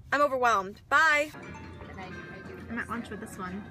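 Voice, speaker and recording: A woman's voice: a little high, animated, takes it slowly, pushed and bright, faint music behind. A young woman chatting through a casual vlog, rambling and dramatic. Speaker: vlogger.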